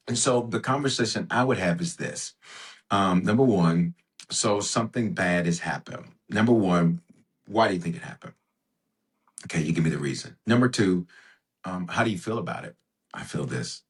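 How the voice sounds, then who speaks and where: A deep-voiced man speaks as a podcast guest, telling stories with real emphasis. He repeats phrases to drive his points home, and his voice jumps up in pitch when he stresses something. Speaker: bishop and guest. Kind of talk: conversational storytelling.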